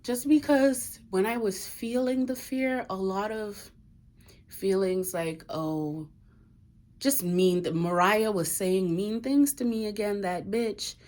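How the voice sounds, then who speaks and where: A woman's voice: medium pitch, slow, darkish tone. A woman speaking candidly in a confessional personal vlog, emotional and swearing casually. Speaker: vlogger.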